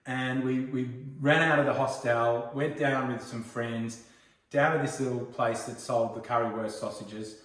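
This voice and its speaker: A man's voice: medium pitch, fairly even intonation, unhurried, fairly bright tone. A man in his forties with an Australian accent, chatting casually as he hosts a home cooking video and tells rambling stories. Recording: roomy echo, mic far off.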